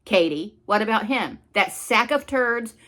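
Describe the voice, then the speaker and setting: A woman's voice: medium pitch, animated, unhurried, fairly bright tone. A woman hosting a commentary channel, delivering an angry, scolding rant with blunt swearing.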